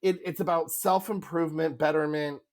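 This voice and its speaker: A man's voice: a little high, steady tone, normal speed. A man co-hosting a podcast in casual chat, rambling and laughing often as he restarts his sentences. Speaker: podcast co-host. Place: home in Spain.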